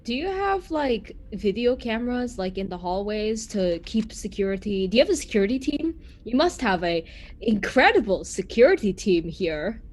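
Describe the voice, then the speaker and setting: A woman's voice: medium pitch, sing-song, normal speed. A woman from Massachusetts playing a tabletop game, hesitant and full of fillers. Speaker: player. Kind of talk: tabletop role-play.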